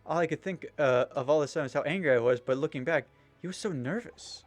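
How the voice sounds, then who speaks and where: A man playing a jittery young woman detective in a video game, high-pitched, anxious and pleading, set over soft background music, her worry staying in her voice from line to line. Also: fairly quick, close to an everyday voice. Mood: troubled. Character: nervous young woman turned amateur sleuth.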